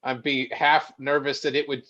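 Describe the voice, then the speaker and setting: A man's voice: mid-range voice, little pitch movement, normal speed, sharp tone, muffled recording. A man chatting casually as a podcast co-host, sheepish and self-mocking, laughing often. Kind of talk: casual chat.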